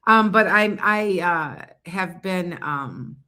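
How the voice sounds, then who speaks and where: A woman's voice: fairly low pitch, lively intonation, slow pace, pushed and bright. A woman giving psychic readings on a casual livestream, chatting loosely and often losing her train of thought. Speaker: psychic reader.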